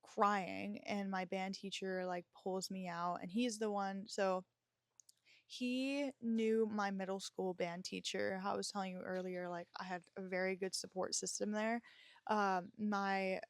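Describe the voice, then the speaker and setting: A woman's voice: medium pitch, steady tone, a little slow, dry recording, clean studio sound. A young woman hosting a podcast, telling a personal story in a frank, emotional way, swearing freely and using lots of fillers. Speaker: podcast host.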